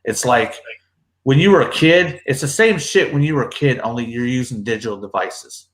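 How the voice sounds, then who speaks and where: A man's voice: medium pitch, moderate pace, fairly bright tone, reverberant. A man hosting a casual livestream, laid-back and profane, talking up his guests. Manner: laid-back, swears freely, hypes up guests. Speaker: livestream host.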